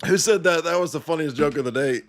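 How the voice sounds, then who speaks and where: A man's voice: fairly high pitch, fast talker. A man hosting a live stream, casually chatting to his viewers and laughing so hard he gasps for breath. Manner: laughing uncontrollably, gasping for breath; animated, addresses chat as y'all. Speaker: live stream host reacting to clips.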